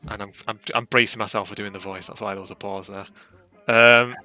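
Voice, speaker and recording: Man, game master, bright voice, faint music behind. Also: lowish voice, little pitch movement, fast. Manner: chatty, jokey, restarts often. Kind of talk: narrating a tabletop game.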